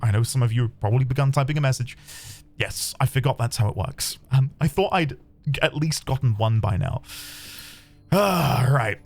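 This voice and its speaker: A man commentating his own game playthrough, chatty and excitable, talking to his viewers. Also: medium pitch, a little fast. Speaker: game streamer. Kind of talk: let's play commentary. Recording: faint background music.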